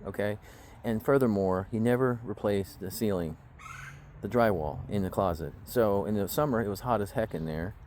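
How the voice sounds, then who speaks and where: A man's voice: lowish voice, moderate pace, a little mellow, slight background noise. A man telling a long, aggrieved story to the camera in a blunt way, swearing often, recorded outdoors. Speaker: vlogger. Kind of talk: casual storytelling rant. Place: outdoors in the woods.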